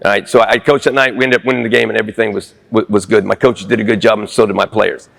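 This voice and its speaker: A man's voice: on the low side, fairly even intonation, fast, gravelly, fairly bright tone. A middle-aged man giving an earnest, plain-spoken personal speech, pressing his points with repeated phrases. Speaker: speaker at a Veterans Day event. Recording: long hall reverb with faint music.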